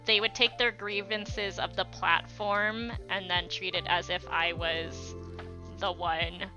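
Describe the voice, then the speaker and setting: A young woman with a voice on the low side talks slowly and with fairly even intonation as she draws on an art livestream. She chats casually, thanks viewers by name and uses many fillers; the recording is slightly dull lo-fi stream audio with faint music.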